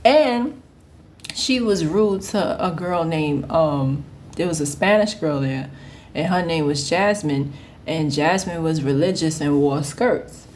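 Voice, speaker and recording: A woman in her thirties telling a casual story, animated and often laughing as she acts out the people in it. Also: low voice, slow, a little hiss or hum. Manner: animated, acts out quoted voices. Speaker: vlogger.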